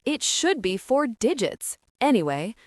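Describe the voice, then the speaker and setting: A flustered young woman talks fast and eagerly about her money troubles, as a narrator voices her. Her pitch jumps around a lot, and the sound is dry and close. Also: big pitch swings, a little mellow, dry recording. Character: flustered, chatty young woman short on cash.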